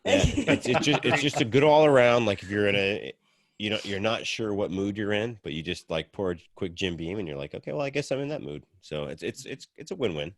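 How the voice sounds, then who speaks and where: A man's voice: lowish voice, lively intonation, a little fast. A man chatting casually on a group podcast, telling stories in a rambling, laid-back way with lots of fillers. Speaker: podcast co-host.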